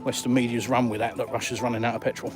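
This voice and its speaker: A man's voice: mid-range voice, flat delivery, rapid-fire, over music. A man from England with a southern English accent, chatting bluntly and with dry humor while live streaming outdoors and answering viewers. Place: outdoors by the coast.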